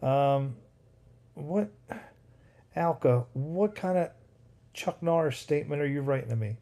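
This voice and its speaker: A man hosting a casual livestream at home at night, reading viewer comments aloud and drifting off into tangents with excitable reactions. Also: on the high side, a little slow, creaky. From United States. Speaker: livestream host. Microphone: phone.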